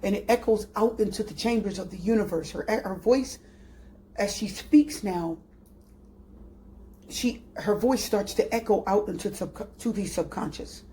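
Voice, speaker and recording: A woman who reads tarot, narrating a guided spiritual meditation in a slow, dreamy, soft-spoken manner, often repeating herself. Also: mid-range voice, slight background noise. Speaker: tarot reader.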